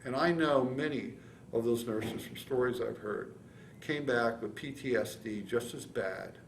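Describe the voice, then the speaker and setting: A man in his seventies from San Francisco, telling his war story in an oral history interview, with halting restarts and acted-out quotes. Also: mid-range voice, roomy sound, slight background noise. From San Francisco, California. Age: 70s. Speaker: veteran interviewee.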